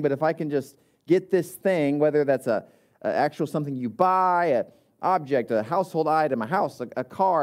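A male pastor delivering a relaxed, conversational sermon, with frequent fillers and restarts. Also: a little high.

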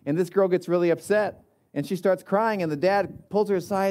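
Chatty man preaching, fairly high voice. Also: moderate pace. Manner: relaxed, chatty, frequent uh fillers and restarts. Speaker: pastor. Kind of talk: conversational sermon.

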